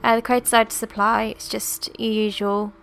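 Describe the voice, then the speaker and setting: A woman giving casual gameplay commentary. She is chatty and a little hesitant, wandering into asides. Her voice is gravelly and fairly flat in pitch. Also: normal speed, soft background music. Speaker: gaming channel host.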